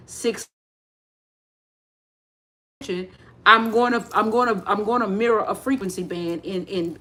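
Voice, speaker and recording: A woman's voice: medium pitch, a bit bright. A woman giving a live spiritual talk, rambling with many restarts and speaking straight to her listeners. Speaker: spiritual teacher.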